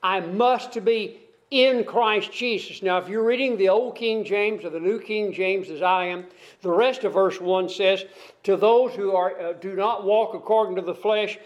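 A man's voice: high-pitched, measured pace. A man preaching an expository sermon, reading scripture aloud and explaining it verse by verse, asking his listeners questions. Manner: asks the congregation questions.

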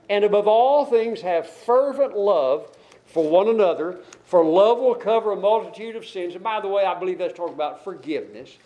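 A man's voice: sits high, a little mellow, rough recording. A man preaching a sermon to his congregation, earnestly quoting and explaining scripture. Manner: earnest, scripture-quoting, rising and falling emphasis.

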